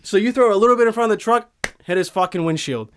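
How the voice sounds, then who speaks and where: A twenty-one-year-old man, a podcast guest in a recording studio, tells a rambling, profane story in casual chat, heated and swearing often. His voice is high and fast, with slight background noise.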